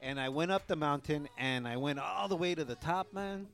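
A man's voice: on the high side, normal speed, fairly bright tone, soft background music. Laid-back joking male co-host. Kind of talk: casual podcast chat.

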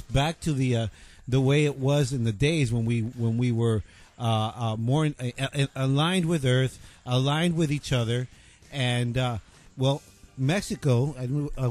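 A man co-hosting a political talk radio show, speaking passionately but haltingly, with many fillers. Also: medium pitch, darkish tone. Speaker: radio co-host.

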